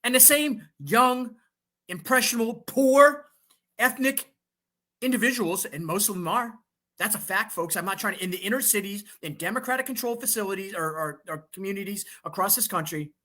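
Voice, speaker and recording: A man's voice: sits high, bright, forceful tone. A man hosting a political talk show, fired up and emphatic, repeating phrases and restarting his sentences. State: fired up on coffee.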